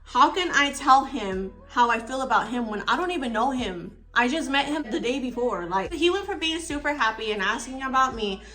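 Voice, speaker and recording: Bright, animated young woman telling a story. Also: sits high, moderate pace, hardly any pauses. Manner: animated, filler-heavy storytelling with many "like"s. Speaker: vlogger. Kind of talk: casual storytime chat.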